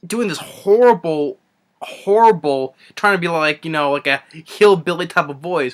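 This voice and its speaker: A man's voice: on the high side, a little slow. A young man reviewing a film in an unscripted rant, rambling with many restarts and fillers. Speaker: movie reviewer.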